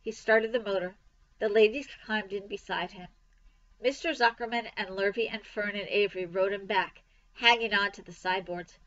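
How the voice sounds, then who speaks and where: A woman reading a children's novel aloud for a library storytime, in an expressive read-aloud manner, on a dull lo-fi recording. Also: mid-range voice, normal speed.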